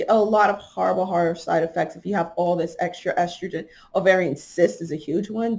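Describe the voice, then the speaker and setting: A woman's voice: medium pitch, darkish tone. A woman hosting a talk show, reading from an article and commenting on it, with emphatic stress and repeated key words. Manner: talks straight to listeners, asking them questions. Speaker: podcast host.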